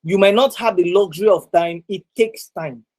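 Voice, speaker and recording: A man's voice: sits high, moderate pace, darkish tone, low-quality recording. Man teaching an online class, saying "right?" a lot. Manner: repeats points, tags sentences with "right?". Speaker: exam prep instructor. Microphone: video call.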